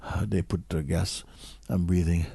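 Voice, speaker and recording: A man giving a slow, questioning spiritual talk to an audience, sometimes dropping to a near whisper. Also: sits low, steady tone, vocal fry, mellow, slightly rough, dry recording. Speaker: spiritual teacher.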